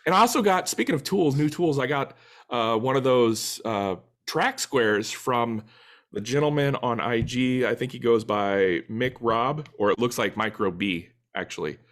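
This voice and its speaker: A man's voice: medium pitch, a little slow, a bit bright. A man co-hosting a woodworking podcast, chatting casually and rambling through stories with lots of filler words. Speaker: podcast co-host. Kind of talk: casual chat.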